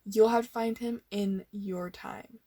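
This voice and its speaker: A young woman voicing a soft-spoken ghost mother. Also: medium pitch, fairly even intonation, a little slow, husky, dry recording. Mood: calm, tender. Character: gentle ghost mother of a girl.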